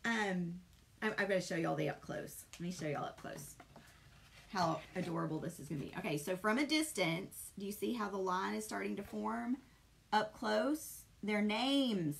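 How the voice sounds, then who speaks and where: Chatty woman in her middle years, painting on a live stream and talking viewers through it. A slightly high voice with fry. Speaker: painting instructor. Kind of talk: live-streamed craft session.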